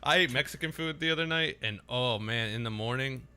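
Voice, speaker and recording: A man co-hosting a podcast, telling crude stories in animated casual chat. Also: mid-range voice, fairly quick, over a noisy crowd. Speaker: podcast co-host.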